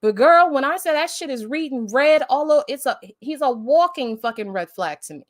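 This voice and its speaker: A woman's voice: sits high, lively intonation, normal speed, no room sound, clean studio sound. A woman hosting a live stream, talking bluntly and emphatically with heavy swearing in casual commentary. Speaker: livestream host.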